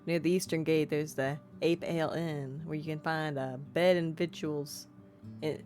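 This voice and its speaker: Low-voiced woman reading a game aloud. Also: fairly even intonation, moderate pace, a little mellow, faint music behind. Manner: reads game text aloud, self-deprecating asides. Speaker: streamer. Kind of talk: let's-play narration and commentary.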